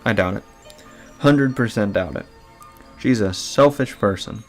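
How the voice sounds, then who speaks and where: A man's voice: on the low side, a little slow, faint music behind. A man hosting a let's play, commenting bluntly on a visual novel and swearing freely.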